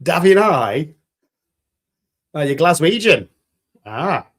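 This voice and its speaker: A man's voice: on the high side, very animated, slow pace, a bit bright. A man hosting a resin crafting livestream, chatting casually with viewers in an upbeat, jokey way. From United Kingdom. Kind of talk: casual livestream chat reading viewer comments.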